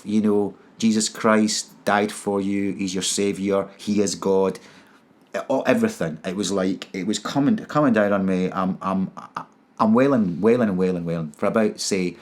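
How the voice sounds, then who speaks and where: A man's voice: on the low side, normal speed. A man telling his personal story in an interview, earnest and emotional, often stopping to repeat and restart his words. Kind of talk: personal testimony.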